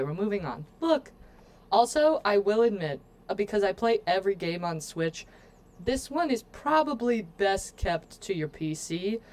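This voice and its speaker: A woman's voice: mid-range voice, a little mellow. Playful woman streamer chatting with viewers. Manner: playful, joking asides to chat; chatty, addresses viewers often. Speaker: game streamer. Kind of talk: casual let's-play commentary.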